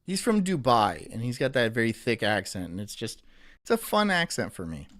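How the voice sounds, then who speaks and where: A man's voice: mid-range voice, very animated, moderate pace, a bit bright. A man hosting a casual live stream, rambling and cracking crude jokes while reacting to a clip. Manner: rambling, crude joking, frequent laughter. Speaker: livestream host.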